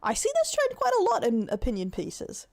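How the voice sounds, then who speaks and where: A woman's voice: a little high, wildly swooping pitch, fairly quick, a little mellow. A woman streamer reacting casually, chatty and stammering, often breaking into laughter.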